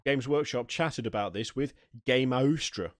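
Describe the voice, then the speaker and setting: A man's voice: mid-range voice, measured pace, dry recording. A man hosting a podcast, reading gaming news aloud and swearing freely between asides. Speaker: podcast host. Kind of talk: casual news chat. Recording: dry close mic.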